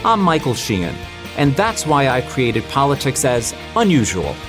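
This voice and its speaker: Male host, upbeat promo read, medium pitch, music bed underneath. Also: sing-song, moderate pace. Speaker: podcast host and interviewer. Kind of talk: scripted introduction and interview.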